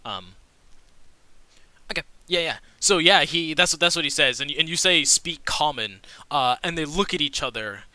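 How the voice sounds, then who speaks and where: Man as game master, halting loose narration, very bright voice, dry close sound. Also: a little high, animated, no room sound. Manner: halting, full of fillers and restarts.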